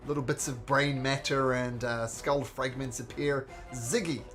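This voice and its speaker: A woman narrating and running a tabletop game as game master, animated and laughing often. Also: very deep voice, unhurried, soft background music.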